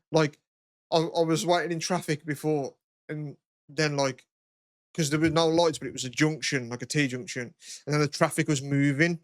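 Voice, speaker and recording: A man's voice: fairly high pitch, no echo, studio quality. A young English man, a podcast co-host, telling funny stories in casual chat, swearing and laughing. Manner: storytelling, swearing, breaks into laughter.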